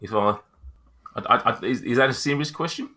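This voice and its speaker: A man's voice: medium pitch, a little fast, bright, forceful tone, voice pushed up, natural voice. A man playing a clumsy, overeager tavern local who rambles and stammers apologetically. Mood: eager.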